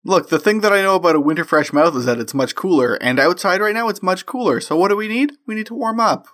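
A man's voice: high voice, animated, fast talker, a bit bright. A man hosting a comedy podcast, joking around and running quiz games in casual chat. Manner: goofy, hosts quiz games. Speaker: podcast host.

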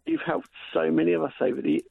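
Male caller, croaky and gravelly, matey tone, phone-line quality. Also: on the high side, sing-song, quick pace, no room sound. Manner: matey, teasing. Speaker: radio caller. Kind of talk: phone-in call.

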